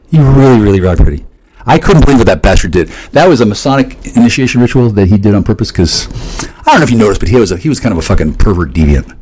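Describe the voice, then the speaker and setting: Low, dark-voiced man rambling. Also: breathy edge, poor audio. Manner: rambling and profane, with sudden leaps in pitch and frequent restarts. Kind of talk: rambling monologue.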